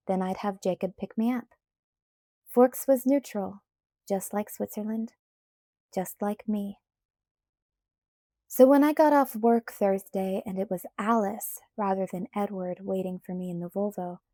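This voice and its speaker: A woman narrating a novel aloud in the first person with steady, measured reading. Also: mid-range voice, no echo, clean studio sound. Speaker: audiobook narrator.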